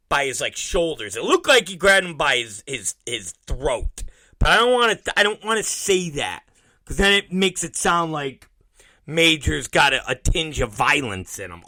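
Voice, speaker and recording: A male radio host rambles through a profane story from home. His pitch sits a bit high and swings widely. He drawls slowly with a bright, forward tone, recorded close and dry. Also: no room sound, rough recording. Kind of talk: casual radio show monologue.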